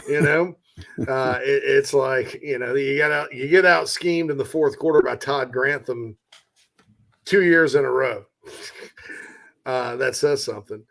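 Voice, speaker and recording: A man's voice: medium pitch, unhurried, vocal fry, long pauses, fairly bright tone. A man from South Carolina hosting a casual sports talk show, joking and reading out audience comments. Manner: joking, chatty, reads out audience questions.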